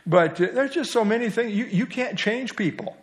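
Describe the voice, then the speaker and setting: A man's voice: high-pitched, lively intonation, moderate pace. A middle-aged man teaching a small Bible study class in a folksy, teasing way, with a lot of fillers and restarts. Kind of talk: casual Bible lesson.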